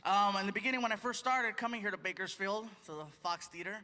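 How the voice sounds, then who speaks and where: A male stand-up comedian performing on a large theater stage, chatty and animated as he acts out voices. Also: high voice, quick pace, big-room sound. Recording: live theater with crowd noise.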